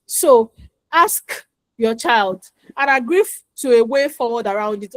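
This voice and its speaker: Woman, parenting coach, fairly high voice, dry close sound, chatty and repetitive. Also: animated, measured pace, a bit bright, dry recording. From Nigeria. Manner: chatty, repeats advice, acts out dialogue. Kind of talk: instructional talk with anecdotes.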